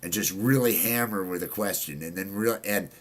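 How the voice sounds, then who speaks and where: A man's voice: low voice, moderate pace. A man hosting a casual livestream chat, rambling with many fillers and restarts. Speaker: livestream host.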